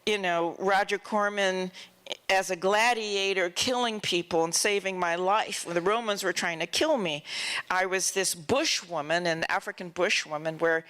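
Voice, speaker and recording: A woman telling lively stories as the honored guest in an onstage film festival Q&A. She laughs often and acts out other people's lines. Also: fairly low pitch, normal speed. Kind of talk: onstage interview storytelling. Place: festival stage before an audience.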